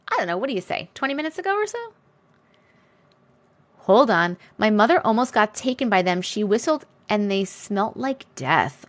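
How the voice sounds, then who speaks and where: Casual live-stream host, woman, fairly high and very animated voice, friendly chatter with viewers. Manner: chatty, greets viewers by name, laughs often.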